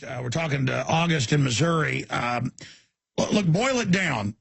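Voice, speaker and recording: A male talk radio host with a gravelly, somewhat husky voice, recorded dry and close. He rambles through plugs and questions with plenty of fillers. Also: a little high, expressive, normal speed, fairly bright tone, no echo. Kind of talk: fast call-in radio talk.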